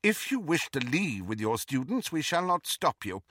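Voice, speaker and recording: A man's voice: a little high, very animated, moderate pace, fairly bright tone, slight background noise, pitched above the performer's own voice. A man voicing a stern, commanding older female witch with a clipped, authoritative manner in a storybook reading. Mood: firm.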